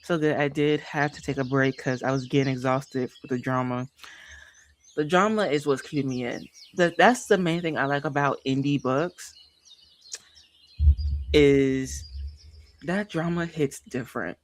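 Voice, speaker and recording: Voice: mid-range voice, measured pace, pauses often. Chatty emphatic book streamer. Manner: emphatic, repeats phrases for effect; chatty and animated, addresses viewers directly. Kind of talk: casual livestream chat.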